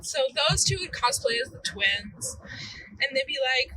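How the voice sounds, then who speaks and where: A tired young woman hosts a podcast on her own while driving, her voice high and sing-song, bright and pushed, at a normal pace. The audio quality is poor. She chats casually, rambles, loses her words and swears freely.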